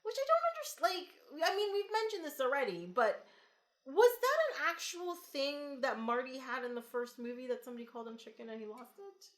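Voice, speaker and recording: A woman's voice: sits high, very animated, a little fast, echoey room. A woman hosting a podcast, chatting casually about films and asking lots of questions, with frequent filler words. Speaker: podcast host.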